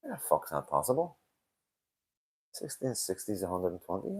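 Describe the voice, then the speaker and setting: Older streamer with a very low voice, tired and sweary, chatting loosely to his viewers. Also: huge pitch swings, normal speed, husky. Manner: swears a lot, tired and yawning. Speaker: livestream host. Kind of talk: casual live-stream chat reading comments.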